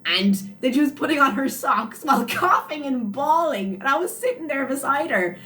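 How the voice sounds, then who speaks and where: A woman's voice: high-pitched, lively intonation, a little fast, hardly any pauses, a bit bright, shouting. A young woman tells a story to her live chat on a phone. She talks casually and with animation, laughs often, and ends many sentences with "like". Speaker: livestreamer.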